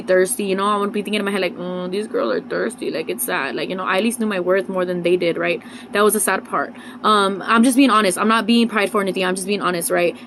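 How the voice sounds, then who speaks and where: A woman's voice: medium pitch, slight background noise, rough recording. A young woman telling a personal story in a vlog. She rambles and confides, uses a lot of fillers and drops in Spanish words. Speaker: vlogger.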